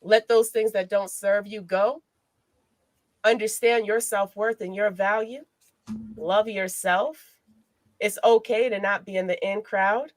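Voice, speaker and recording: A woman hosting a podcast as a life coach, telling personal stories in an expressive, motivational way. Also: mid-range voice, unhurried, pauses often, no echo. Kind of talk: casual podcast chat.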